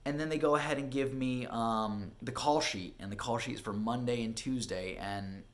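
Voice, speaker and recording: A young man vlogging at home about his acting life. His voice sits in a middle register and is casual and chatty, full of "like" and restarts. He swings from quiet, anxious low stretches to loud, high bursts of excitement. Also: normal speed. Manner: animated, swinging from excited to hushed and back, many fillers. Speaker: vlogger and actor. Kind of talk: casual storytelling vlog. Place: home, indoors.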